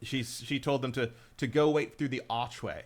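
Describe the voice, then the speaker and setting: A man's voice: mid-range voice, fairly even intonation, moderate pace, a little hiss or hum. A middle-aged man co-hosting a podcast, telling rambling stories in casual chat, with lots of restarts and the odd swear word. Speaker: podcast co-host.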